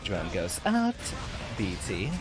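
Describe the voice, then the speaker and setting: Over music, a male VTuber streamer gives live commentary while playing a fighting game, chatting and thinking out loud with occasional laughter. His voice is deep and slow, with huge swings in pitch.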